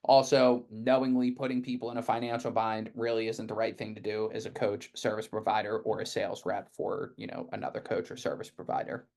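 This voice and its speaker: A middle-aged man giving a casual sales training talk, full of "right?" check-ins and quick acted-out client replies. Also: lowish voice, little pitch movement, creaky, a little mellow. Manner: conversational, leans on frequent "right?" check-ins.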